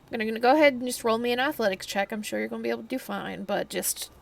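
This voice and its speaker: A woman running a tabletop role-playing game as game master, describing the scene in an unhurried way. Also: fairly high pitch, vocal fry.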